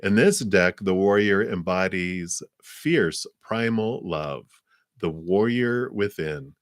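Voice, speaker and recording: A man hosting a live card reading stream, reading messages in a gentle, slow, reflective way. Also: low-pitched, animated, no echo, studio quality. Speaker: card reader.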